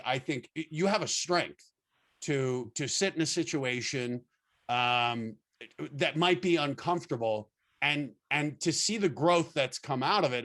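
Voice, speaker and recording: Man, somewhat high voice, interviewer, halting, stumbles and repeats himself. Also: fairly bright tone. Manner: halting, many restarts and repeated words. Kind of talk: casual interview.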